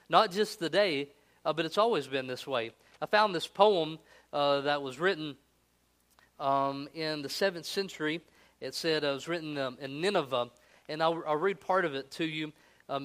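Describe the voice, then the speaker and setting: A male pastor preaching a sermon in an earnest manner, slowing down for solemn readings. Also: fairly high pitch, a bit bright.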